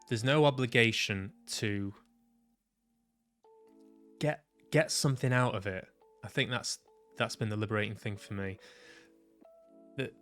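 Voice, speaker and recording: A man vlogging about his own experience, reflective and halting, often restarting his sentences and swearing casually. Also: lowish voice, fairly bright tone. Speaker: vlogger sharing personal experience. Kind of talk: reflective personal vlog monologue.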